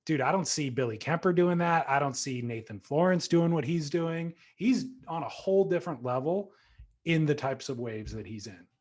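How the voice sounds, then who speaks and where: A man's voice: a little high, expressive, moderate pace. A man co-hosting a podcast in casual chat, enthusiastic and given to teasing banter. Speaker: podcast co-host.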